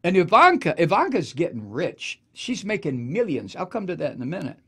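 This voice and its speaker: A male political talk host rants sardonically through a profane monologue. His gravelly voice sits fairly high and swings widely in pitch as he mocks and digresses. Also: sing-song, a little fast, pushed and bright. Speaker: radio talk show host.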